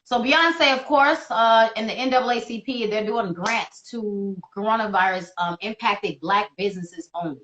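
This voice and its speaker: A woman's voice: medium pitch, moderate pace, few pauses, reverberant, a little hiss or hum, rough recording. A woman in her thirties co-hosting a casual live talk show, laughing often and telling stories with energy. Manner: laughs often, animated storytelling. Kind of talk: casual banter on a live stream.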